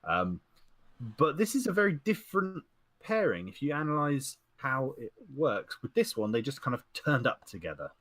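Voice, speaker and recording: Man, casual podcast co-host, husky, animated delivery, dry close mic. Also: mid-range voice, normal speed, dry recording. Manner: rambling, digresses, laughs often. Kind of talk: casual chat.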